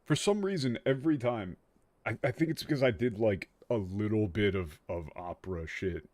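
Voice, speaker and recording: A tired young man giving animated, joking let's-play commentary as a streamer, swearing freely. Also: lowish voice, moderate pace, no echo. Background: faint game music.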